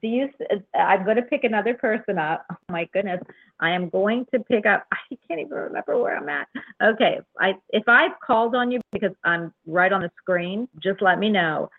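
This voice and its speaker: A woman's voice: mid-range voice, fairly quick, creaky. Woman host, effusive, gushing, casual call-in chat, tinny phone-line sound. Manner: gushing, effusive, laughs often. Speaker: radio show host.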